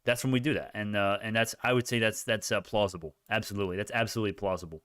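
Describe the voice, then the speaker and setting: A man giving live stock-market commentary, excitable and rambling, with frequent swearing and self-corrections. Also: lowish voice, fast talker, dry recording, studio quality.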